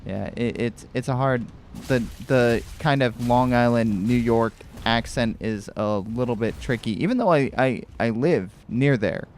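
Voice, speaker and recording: A man's voice: medium pitch, a little slow, darkish tone, a little hiss or hum. Chatty man rambling over gameplay. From Connecticut. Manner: rambling, chatty, many restarts. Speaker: gaming streamer. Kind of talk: casual let's-play commentary.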